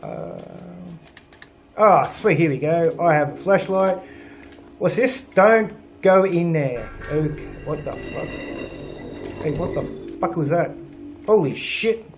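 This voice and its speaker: Young male let's-player, slightly high voice, sweary and sarcastic, home desk mic. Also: lively intonation, takes it slowly, pauses often, soft background music. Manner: swears a lot, grumbling and sarcastic. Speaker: gaming channel host. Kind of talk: let's play commentary.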